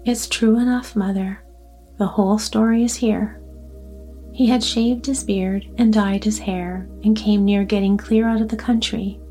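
A grown son explains things calmly and plainly, as a woman reads his lines. The tone is mellow and unhurried. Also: medium pitch, soft background music, natural voice. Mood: steady. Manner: calm, matter-of-fact.

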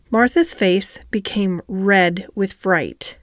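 A woman hosting and calmly reading a classic novel aloud as a bedtime story. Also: mid-range voice, no room sound, studio quality. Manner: calm, measured narration. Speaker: storyteller host.

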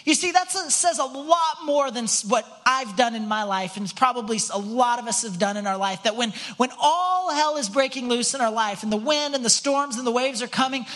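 A man's voice: extremely high pitch, animated, moderate pace, few pauses, a bit bright. A man pastor delivering a conversational sermon in church, earnest, asking the congregation rhetorical questions and often restarting his words. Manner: frequent restarts and repeated words. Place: church on a Sunday morning.

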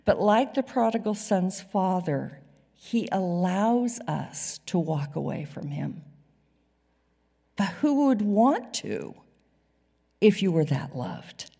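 A woman preaching a sermon to a church congregation, swinging from loud emphasis to hushed whispers. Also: mid-range voice, big pitch swings, slow, vocal fry, breathy edge. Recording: reverberant hall sound.

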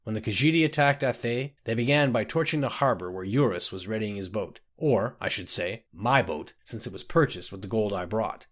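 A man's voice: fairly low pitch, normal speed, hardly any pauses, close to an everyday voice. A man voicing a grim, dryly sardonic male clerk, a little raised from his narration. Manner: dry, grimly sardonic.

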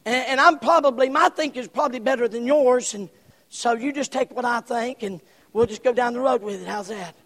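A man preaching a sermon in a folksy manner, moving from low, slow talk to loud shouting. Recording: long hall reverb.

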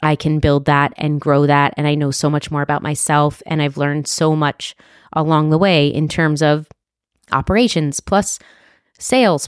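A woman in her thirties hosting a solo podcast, talking earnestly and from the heart, with restarts and soft laughs. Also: low-pitched, smooth, no room sound, clean studio sound. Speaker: podcast host. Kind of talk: reflective solo podcast monologue.

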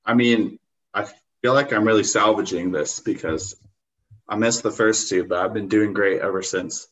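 A man chatting casually as a podcast guest. He fires back with jokes and quick comebacks. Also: on the low side, steady tone, a bit bright. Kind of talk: casual chat.

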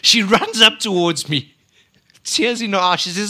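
A middle-aged male preacher, delivering a lively sermon that swings from loud emphasis to quiet asides. His voice sits high and sounds bright and forceful. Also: a little slow. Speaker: pastor.

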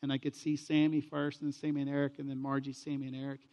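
A middle-aged pastor preaches a sermon, telling stories and bringing them to life with quoted voices. He speaks fast in a mid-range voice, and the sound suggests a big room.

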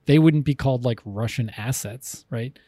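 A man's voice: medium pitch, moderate pace, mellow, husky, no echo, studio quality. A man co-hosting a podcast, chatting casually, rambling and enthusiastic with frequent restarts. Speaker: podcast co-host. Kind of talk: casual chat.

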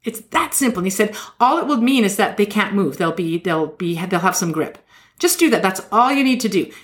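A woman hosting a podcast, telling a story in casual chat and acting out quotes with jumps in pitch. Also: fairly quick. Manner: animated, acts out quotes with shifting pitch. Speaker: podcast host.

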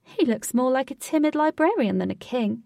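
A woman's voice: sits high, expressive, brisk, vocal fry, dark tone, dry recording, far from the mic, voice pushed up. Bratty party girl Katy, read by a woman. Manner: bratty, impatient, giggly. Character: cheeky young party-loving woman Katy.

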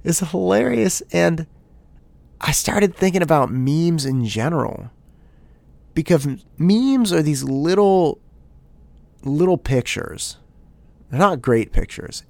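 Lively, gravelly man hosting a podcast. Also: a little high, slow pace, no echo. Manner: animated storytelling with many restarts. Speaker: podcast host. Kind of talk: casual solo podcast monologue.

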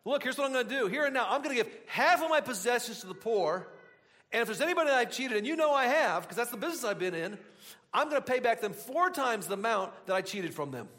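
A man voicing an excited, repentant, greedy male tax collector who makes eager, breathless declarations. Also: extremely high pitch, quick pace, big-room sound, voice pushed up, heavily acted.

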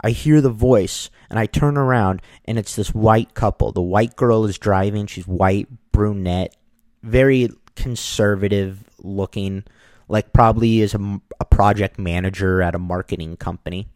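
A man with a fairly low voice tells a personal anecdote in a casual, animated way. He voices the people in his story. The sound is dry and close. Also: normal speed, no echo.

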